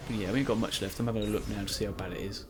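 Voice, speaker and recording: This Let's Play commentator has a voice on the low side with fairly even intonation, and he talks at a racing speed over background noise. Commenting on his own recorded gameplay, he rambles chattily and pokes fun at himself.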